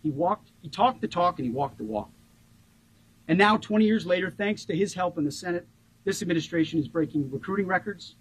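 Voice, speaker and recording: A man in his forties giving a rousing ceremonial tribute speech as a government official, stressing key words by slowing down. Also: high voice, lively intonation, husky, rough recording.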